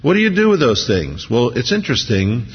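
A man's voice: mid-range voice, very animated, fairly quick, husky. A man preaching a sermon as pastor, talking conversationally with rhetorical questions and frequent restarts. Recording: dull lo-fi recording with long hall reverb.

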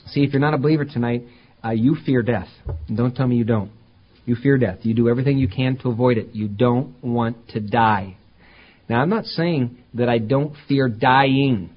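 A man preaching a conversational sermon as pastor, talking plainly and then climbing to emphatic, louder peaks. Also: medium pitch, normal speed, lo-fi sound.

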